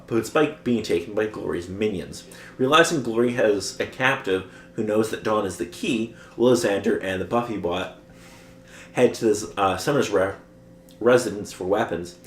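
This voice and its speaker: A man's voice: lowish voice, reverberant, slight background noise. A man co-hosting a podcast, recapping a show's plot in casual chat and chuckling often as he goes. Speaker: podcast co-host recapping episodes.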